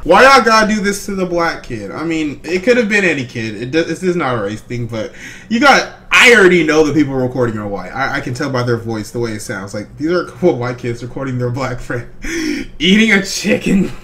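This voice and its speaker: Animated young man reacting with laughs. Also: medium pitch, brisk. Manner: animated and jokey, laughs often, says bro. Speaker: reaction video host. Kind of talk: casual reaction commentary.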